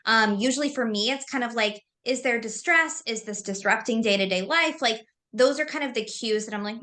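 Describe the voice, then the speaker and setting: A woman hosting a mental health discussion, lively and conversational, often saying "like". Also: on the high side, fairly quick, hardly any pauses. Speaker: host from a mental health company. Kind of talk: moderated discussion.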